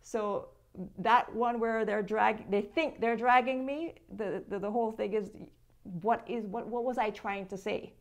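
Jamaican woman, interview guest; gravelly, slightly high voice, emphatic and argumentative. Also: fairly even intonation, unhurried. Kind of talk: conversational interview.

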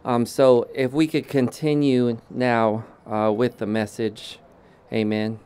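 A man preaching a sermon as pastor, slow and deliberate, often restarting his sentences. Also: mid-range voice, little pitch movement, darkish tone, clear, resonant tone.

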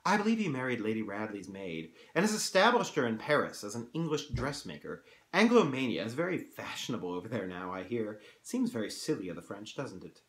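A man reading aloud, voicing a petulant, languid young gentleman who brushes things off airily, in a room with some echo. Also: fairly low pitch, big pitch swings, a little fast, few pauses. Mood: airy. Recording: roomy echo.

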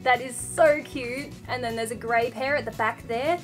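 Bubbly female vlogger, high bright voice, excitable, music bed underneath. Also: moderate pace. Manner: gushing, excitable, talks to her pet. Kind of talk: casual unboxing vlog.

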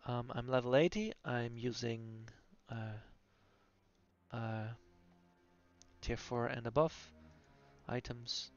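A man talks through a video game class guide at a slow, unhurried pace, often pausing on fillers as he explains. His voice sounds dull and lo-fi, with faint music playing underneath. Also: medium pitch, fairly even intonation. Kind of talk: gameplay class guide voice-over.

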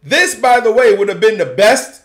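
A male chess grandmaster breaks down a game with playful, slangy commentary, his voice swinging up and down with lively energy. He sits a touch above the usual male pitch. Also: normal speed. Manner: playful, slangy, acts out the players' thoughts.

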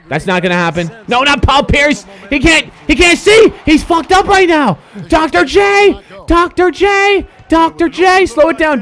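A young man yelling and joking through a basketball video game in a high, very lively voice. He swears freely, cheers and groans at every play, and his pitch swings all over the place. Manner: excitable, swearing, shouting at players. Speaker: gaming streamer. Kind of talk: casual game commentary.

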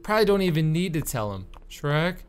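A man in casual game commentary, his voice sitting fairly high for a man. He sounds exasperated, swears freely and breaks into loud outbursts. A faint hiss runs under the recording. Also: sing-song, brisk. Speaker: gaming YouTuber. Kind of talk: let's-play commentary.

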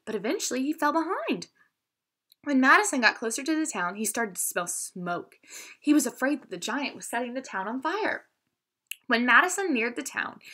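A woman teacher reads a children's storybook aloud, very expressive, her pitch rising and falling widely. Her voice is bright and a little high. She sometimes stops to explain a word. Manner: expressive, pausing to explain words.

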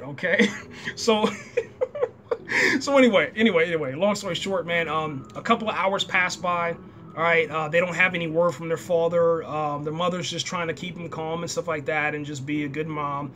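A man's voice: on the high side, pushed and bright, a little hiss or hum. A man giving a casual, slangy recap of a TV episode, acting out the characters' lines as he goes. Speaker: show reviewer.

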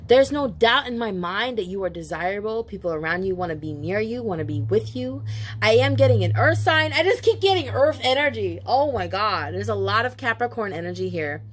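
A woman's voice: mid-range voice, expressive, a little fast, slight background noise. A woman giving a casual spoken tarot reading, emotional and chatty, with many asides and some casual swearing. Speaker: tarot reader.

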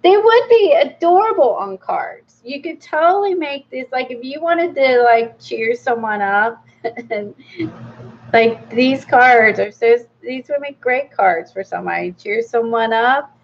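A middle-aged woman who hosts an art channel chats her way through a casual book review vlog, rambling along with plenty of fillers and little laughs. Her voice sits fairly high and moves unhurriedly. The lo-fi recording carries a faint hiss or hum.

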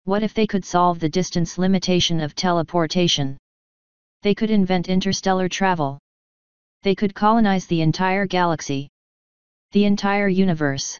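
Ambitious female unicorn ruler, exasperated and sure of herself, a woman reader doing the line; low, smooth delivery. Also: normal speed, no room sound, muffled recording, lightly acted. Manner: exasperated, lecturing.

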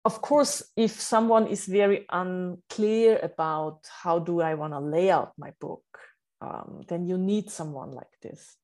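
A woman's voice: lowish voice, measured pace, darkish tone. A woman from Austria with a German accent, a writing coach answering interview questions and sometimes searching for English words. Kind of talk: podcast interview.

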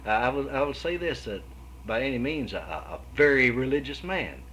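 A man's voice: medium pitch, animated, brisk, a bit bright, low-quality recording. A man with a Kentucky accent, answering interview questions at his home in a folksy, rambling storytelling way, with frequent restarts. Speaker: guitarist guest.

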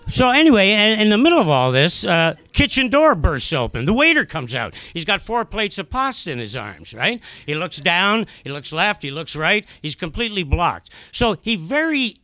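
A man spins a comic personal story, his bright voice swinging high and low. He is animated and self-mocking, padding his lines with asides and fillers. The pitch sits high for a man. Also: moderate pace, few pauses, no echo.

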